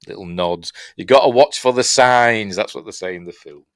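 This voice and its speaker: A man's voice: lowish voice, moderate pace, no room sound, studio quality. A man with a Yorkshire accent hosting a casual, rambling film review, chatty and self-mocking with lots of fillers and restarts. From Yorkshire, England.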